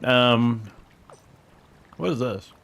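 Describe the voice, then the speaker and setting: A man streaming a game in casual commentary, laughing often and scolding the characters on screen. His voice is gravelly and sits at a middling pitch. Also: drawn-out words, fairly bright tone.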